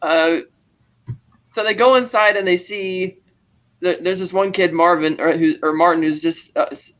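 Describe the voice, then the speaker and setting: High-voiced man on a muffled line. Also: fairly even intonation, moderate pace, fairly bright tone, soft background music. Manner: narrates scenes, acting out quoted lines with chuckles. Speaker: podcast co-host. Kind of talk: casual film-recap chat.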